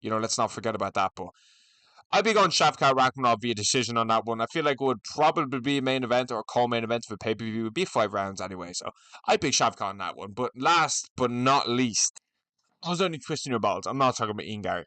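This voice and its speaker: A man's voice: mid-range voice, lively intonation, fast talker, bright, forceful tone, no room sound. A young man, hosting casual solo commentary on fighting matchups, rambling, swearing and repeating himself. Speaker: MMA commentary channel host.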